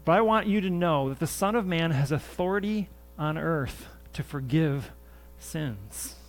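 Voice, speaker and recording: A man's voice: a little high, lively intonation, unhurried. A man preaching a sermon in church as pastor, earnest and conversational, often repeating his phrases. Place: church sanctuary.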